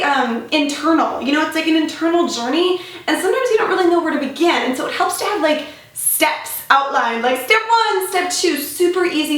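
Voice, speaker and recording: A young woman vlogging in a casual, upbeat and animated way, giving self-help advice. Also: high-pitched, distant mic. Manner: upbeat, animated, says "freaking" and "you guys". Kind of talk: casual motivational vlog. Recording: echoey room, away from the mic.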